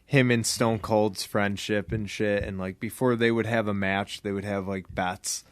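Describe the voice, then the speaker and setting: A man's voice: on the low side, steady tone, smooth, dry recording, studio quality. A man in casual, profane podcast chat who laughs often and recalls things at length. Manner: laughs often, drawn-out swearing recollections. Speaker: podcast guest or co-host.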